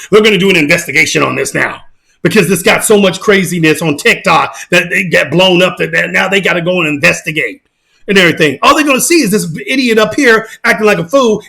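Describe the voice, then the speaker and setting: A male online commentator talks through a casual reaction rant in a notably high voice. He keeps it heated and emphatic and circles back over his points. His tone is bright and forceful. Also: vocal fry.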